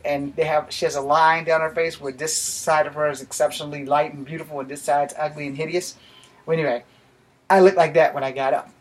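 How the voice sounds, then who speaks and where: A man in a casual vlog, telling a rambling personal story and swearing freely. His voice sits a little high for a man, and he tells the story loosely. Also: fairly even intonation, fairly quick. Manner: profane and rambling. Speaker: vlogger.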